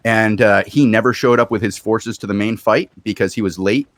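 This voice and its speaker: A man hosting a casual chat, telling an animated story from an online game. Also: on the low side, fairly quick, no echo.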